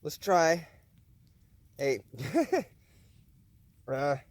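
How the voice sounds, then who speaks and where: A man's voice: fairly high pitch, very animated, extremely slow, dry recording. A man vlogging at a winter backcountry camp, chatting casually and relishing his camp food as he eats. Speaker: outdoor vlogger. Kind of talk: casual vlog chat while cooking and eating.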